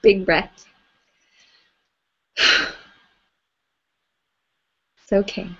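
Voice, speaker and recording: A woman leading a live tapping session, gently coaching listeners through phrases for them to repeat. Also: mid-range voice, flat delivery, very slow, gravelly, breathy edge. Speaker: EFT tapping facilitator. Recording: slightly dull lo-fi audio.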